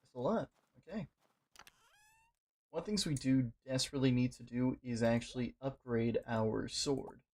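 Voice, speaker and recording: Speaking at a moderate pace in a mid-range voice, this male gaming streamer narrates his play loosely and crudely. He gets worked up, cursing at things on screen and addressing the game directly.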